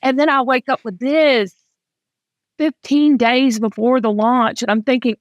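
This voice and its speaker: A woman's voice: high voice, fairly even intonation, measured pace, no echo, dull audio. A middle-aged Southern woman hosting a candid, casual talk, speaking with heartfelt emotion and frequent restarts. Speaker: host.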